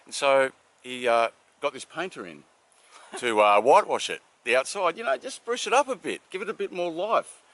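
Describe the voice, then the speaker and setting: A man's voice: mid-range voice, sing-song, moderate pace, a bit bright. A man telling jokes casually and rambling through them with many fillers, calling his listener darling. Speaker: joke teller.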